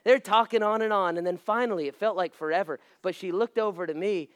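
Brief: male pastor, thirties, high voice, dry close sound, comic sermon story. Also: brisk, no echo. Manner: animated, self-mocking, acts out voices.

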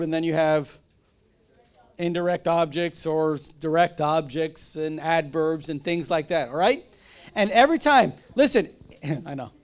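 A man teaches a church class like a relaxed pastor. His voice sits notably high. He talks conversationally, breaks off mid-sentence and tosses questions to the room. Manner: conversational, self-interrupting, asks the room questions. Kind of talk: casual teaching sermon.

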